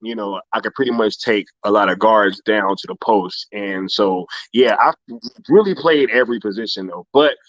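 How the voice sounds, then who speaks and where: A man's voice: fairly low pitch, normal speed, fairly bright tone, no echo, highs cut off. Laid-back laughing man, slangy talk. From Inglewood, California. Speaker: host. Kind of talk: casual live-stream chat.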